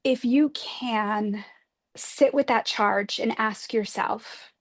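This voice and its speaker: A woman's voice: on the high side, slow. Earnest woman spiritual advisor. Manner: gentle, earnest, often asks reflective questions. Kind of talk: livestream spiritual talk.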